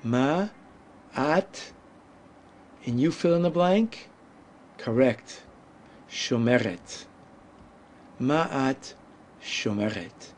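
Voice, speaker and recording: Slow, patient male language teacher. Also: mid-range voice, lively intonation, darkish tone, a little hiss or hum. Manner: deliberate, drawn-out pronunciation with pauses. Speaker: Hebrew teacher.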